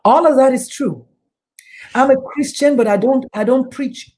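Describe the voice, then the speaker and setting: Speaking at normal speed in a high, darkish voice, this middle-aged woman is a talk show guest who works as a doctor and suicide prevention speaker. Her delivery is emphatic and preachy, and she frequently acts out those she quotes.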